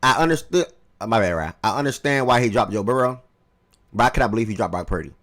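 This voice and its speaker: A man hosting a casual fantasy football talk show, animated and profane, swinging between heated outbursts and low mutters. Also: fast. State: eating oatmeal while talking. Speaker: podcast host.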